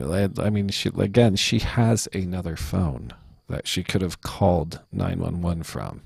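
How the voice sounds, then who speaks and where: A man's voice: sits low, a little slow, creaky, darkish tone, husky. A man hosting a casual commentary video, talking bluntly and profanely with frequent restarts. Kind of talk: casual commentary over clips.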